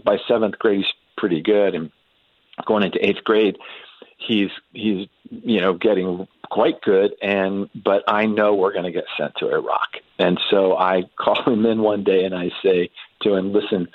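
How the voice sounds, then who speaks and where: A middle-aged man telling a story about his son in a relaxed, halting way, with many restarts and fillers. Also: on the low side, dry recording, phone-quality sound. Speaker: guest parent telling a family story. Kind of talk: casual storytelling in a faith podcast interview.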